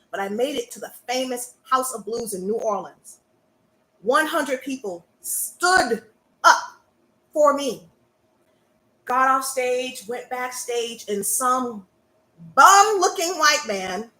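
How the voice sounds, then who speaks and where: A woman, a burlesque performer and coach talking live to her audience in a sassy, animated way. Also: high-pitched, roomy sound, rough recording. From American South. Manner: sassy and animated, calls out to listeners. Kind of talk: live-stream talk to an audience.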